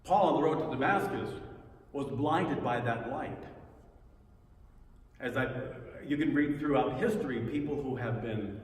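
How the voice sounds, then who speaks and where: A man's voice: mid-range voice, measured pace. A man sharing a personal spiritual story as a testimony talk, earnest and reflective with flashes of wry, self-deprecating humor. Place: church hall. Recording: echoey hall, distant mic, faint noise.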